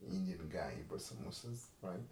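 A man's voice: sits low, expressive, normal speed, darkish tone, slight background noise. A man co-hosting a podcast in casual chat, rambling and correcting himself, laughing often. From Africa. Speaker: podcast co-host. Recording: roomy echo with faint ambience.

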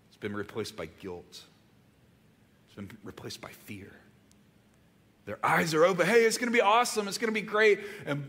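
A man preaching a conversational sermon, his voice a touch higher than most, carried by long hall reverb. He swings between loud, animated moments and hushed, almost whispered lines as he asks his listeners questions. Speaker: pastor.

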